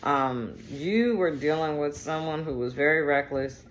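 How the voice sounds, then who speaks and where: A woman's voice: deep voice, measured pace, a little hiss or hum. A woman giving a casual tarot reading, chatty and digressive, with slang and profanity. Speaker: tarot reader.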